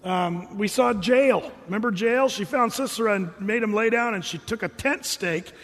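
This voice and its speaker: A man's voice: high voice, moderate pace. A man preaching a sermon, telling stories casually and acting out the voices of the people in them. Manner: casual, animated storytelling with voiced quotes. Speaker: pastor. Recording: reverberant hall.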